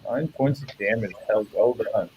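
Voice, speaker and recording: Male game master, relaxed, descriptive narration. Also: on the low side, moderate pace, dull audio, slight background noise.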